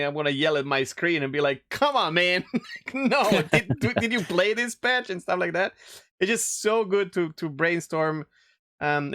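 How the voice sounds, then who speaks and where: A man's voice: on the high side, fairly bright tone, clean tone. A man co-hosting a casual gaming podcast, rambling and enthusiastic, laughing often. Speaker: podcast co-host. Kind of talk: casual chat.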